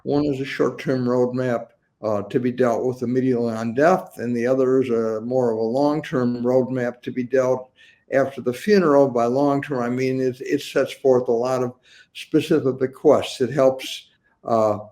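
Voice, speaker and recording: An older man hosting a talk-show interview, asking questions in a measured, thoughtful way with a few stumbles. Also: medium pitch, fairly even intonation, warm tone. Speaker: host, attorney.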